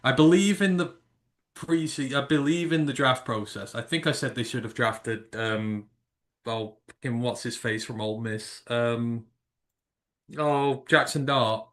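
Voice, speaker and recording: A British man co-hosting a casual live sports stream, teasing and animated. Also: medium pitch, a little slow. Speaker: podcast co-host.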